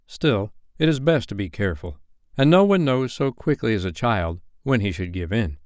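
Man reading an expressive bedtime story. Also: fairly low pitch, normal speed, no echo, studio quality.

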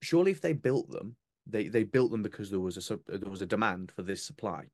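A man's voice: lowish voice, lively intonation, fast, darkish tone, no echo, clean studio sound. A man telling stories in a casual chat, full of restarts and asides. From England. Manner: chatty, storytelling with restarts. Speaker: guest.

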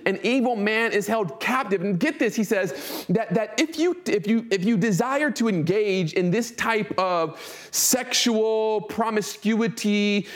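A young man delivers a sermon in a light, high-pitched voice. He reads the scripture passage steadily, then breaks into casual, slangy commentary, slowing down to stress the key words. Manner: slows and stresses words for emphasis. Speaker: preacher.

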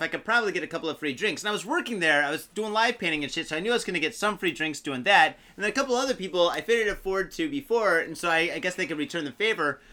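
A young man co-hosting a casual podcast, trading profane stories with plenty of laughs. His voice sits high and bright and swings animatedly up and down. He talks loosely and swears freely. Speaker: podcast co-host.

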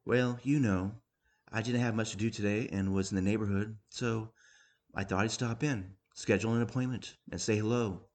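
A dry, deadpan young woman patient, read by a man, keeping her voice low and quiet. She answers every question with flat sarcasm. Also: moderate pace, close to an everyday voice.

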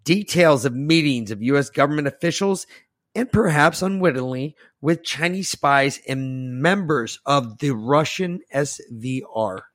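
Guy hosting a podcast, kinda high voice, cussing and bragging, reading stuff out then yelling, dead dry mic. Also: lively intonation, measured pace, dry recording. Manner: profane, boastful, swings from muttering to loud outbursts. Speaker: podcast host. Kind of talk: ranting podcast chat, reading an article aloud.

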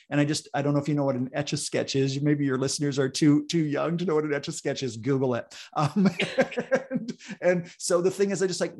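Male podcast guest, coach type; earnest storyteller, gravelly texture. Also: fairly high pitch, fairly quick, a little mellow. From North America, East Coast. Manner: earnest, storytelling, emphatic repetition. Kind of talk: casual podcast conversation.

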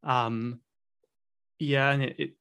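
A man's voice: mid-range voice, fairly even intonation, slow pace, gravelly, pushed and bright, smooth. A man from Cornwall, chatting as an interview guest in a thoughtful, hesitant way with many restarts. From Cornwall, England. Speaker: podcast guest, English coach. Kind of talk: casual interview chat.

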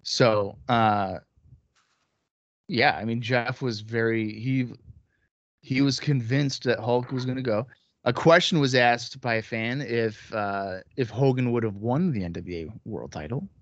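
A blunt, teasing man co-hosts a laid-back wrestling podcast and swears freely. His voice sits at a middling pitch and comes through dull and muffled. The sound is dry and close, with no room echo. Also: unhurried. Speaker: podcast co-host. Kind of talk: casual wrestling podcast chat.

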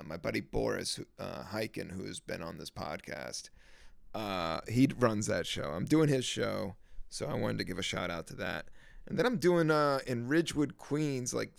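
A relaxed man with a gravelly, heavily creaky voice drifts from thought to thought in a loose podcast monologue. He leans on fillers and restarts. The sound is close and dry, with no room around it. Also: on the low side, dry recording. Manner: relaxed, meandering, lots of fillers. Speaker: podcast host and stand-up comedian. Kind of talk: casual rambling monologue.

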